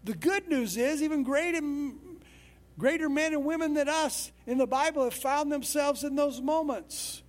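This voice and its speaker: A man's voice: very high-pitched, a little slow. A male pastor preaching a sermon in a conversational, storytelling way.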